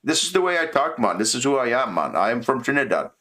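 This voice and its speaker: A man's voice: medium pitch, sing-song, fast talker, sharp tone. A man voicing a lanky, easygoing man from Trinidad who ends every line with "man". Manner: laid-back island lilt, ends every line with "man".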